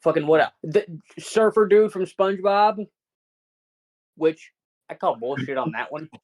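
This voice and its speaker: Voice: mid-range voice, expressive, measured pace, darkish tone. Ranting, foul-mouthed podcast co-host. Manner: ranting, heavy swearing, incredulous. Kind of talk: casual podcast chat.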